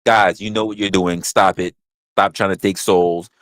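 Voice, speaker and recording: A man's voice: deep voice, steady tone, moderate pace, fairly bright tone, no echo. A man hosting a livestream in casual chat, rambling, crude and joking, repeating his phrases into a close mic. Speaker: livestream host.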